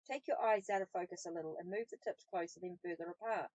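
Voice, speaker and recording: A woman's voice: on the low side, fast talker, a little mellow, no echo, close to an everyday voice, rough recording. A woman reading aloud the lines of an earnest male forest researcher in his forties, explaining things patiently. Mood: instructing. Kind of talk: audiobook reading of dialogue.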